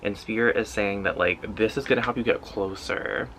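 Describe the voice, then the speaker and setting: Guy doing a chill tarot card reading, kinda low voice but bright, says "like" a lot. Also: normal speed, a little hiss or hum, poor audio. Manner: loose and intuitive, heavy use of "like" fillers. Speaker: tarot reader.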